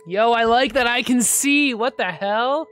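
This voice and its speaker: A woman's voice: on the high side, measured pace, fairly bright tone, faint music behind. A woman streamer chatting and reading game text aloud as she plays, with frequent laughs. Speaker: streamer playing a fan-made game. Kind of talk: live game commentary.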